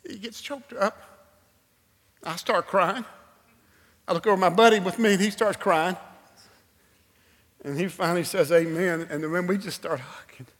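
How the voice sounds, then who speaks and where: A man preaching a sermon, telling a personal story with animated swings from loud exclamations to a hushed altar call. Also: high voice, normal speed, pauses often. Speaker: guest preacher. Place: church sanctuary. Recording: long hall reverb.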